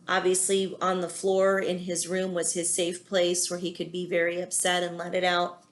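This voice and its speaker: A woman teacher reading a children's picture book aloud, pausing often to gently explain feelings to young listeners. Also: lowish voice, level tone. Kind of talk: children's read-aloud with commentary.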